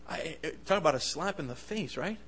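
A man preaching a sermon with passion, swinging between loud bursts and soft asides, often stammering and restarting his words. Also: on the high side, a little hiss or hum, low-quality recording.

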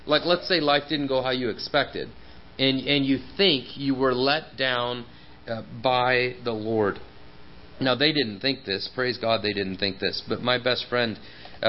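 A man's voice: medium pitch, lo-fi sound, a little hiss or hum. A man preaching a sermon in an earnest, personal way, with frequent fillers and repeated words.

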